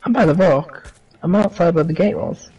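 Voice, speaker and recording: A man's voice: on the high side, moderate pace, mellow, slight background noise, rough recording. A man as a co-player in a casual gameplay chat, laid-back and chuckling often.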